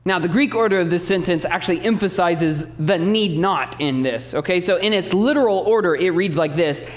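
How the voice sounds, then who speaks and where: A male pastor preaching a sermon, emphatic and animated, breaking off into teaching asides. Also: high voice, normal speed, few pauses.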